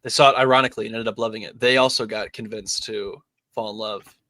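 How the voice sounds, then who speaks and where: A man's voice: lowish voice, steady tone, quick pace, pushed and bright, no room sound. A young man hosting a podcast, chatting casually and enthusiastically, often saying dude. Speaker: podcast host. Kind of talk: casual chat.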